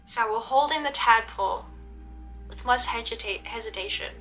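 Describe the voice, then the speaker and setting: Bright-voiced young woman telling a story. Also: fairly high pitch, moderate pace, faint music behind. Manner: rambling, many fillers and restarts, acts out quoted dialogue. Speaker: vlogger recounting a LARP event. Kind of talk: casual storytelling vlog narration.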